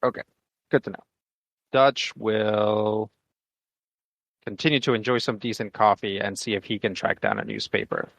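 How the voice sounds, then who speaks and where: A man's voice: lowish voice, lively intonation, normal speed, gravelly, long pauses, a bit bright, dry recording. A man playing in a tabletop game, talking casually and hedging his words with "like". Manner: hedging, lots of "like". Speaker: player.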